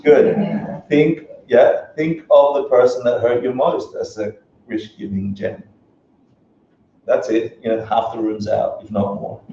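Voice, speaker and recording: A man teaching a relaxed class on Buddhism, joking and laughing often as he talks. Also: mid-range voice, measured pace, creaky, distant mic, slight background noise. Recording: echoey dull room recording from afar.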